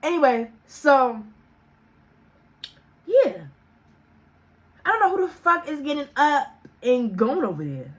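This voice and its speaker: A woman telling a casual story as a vlogger, animated and profane, laughing often and acting out the voices she quotes. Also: takes it slowly, pauses often. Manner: acts out quoted voices with big pitch jumps.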